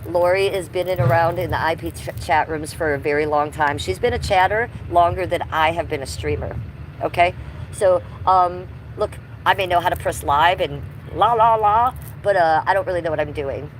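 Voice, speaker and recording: Woman streamer, low-ish voice, casual rambling chat to viewers, occasional smoker's cough, phone mic outdoors, faint traffic behind. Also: moderate pace. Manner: chatty, rambling, talks to her chat by name. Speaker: live streamer. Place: outdoors, walking around.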